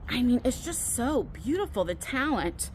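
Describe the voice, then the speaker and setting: A middle-aged woman telling a personal story while walking outdoors, chatty and animated, acting out what others said. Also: a little high, moderate pace. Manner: chatty, animated, quotes people in raised voices. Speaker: vlogger. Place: outdoors on a walk. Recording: faint outdoor background noise.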